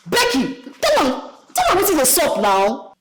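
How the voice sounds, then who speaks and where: An actress with a Nigerian accent playing a brash, bossy young woman hustler, speaking loud Pidgin. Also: a little high, sing-song, moderate pace. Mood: scolding. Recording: noisy film scene audio.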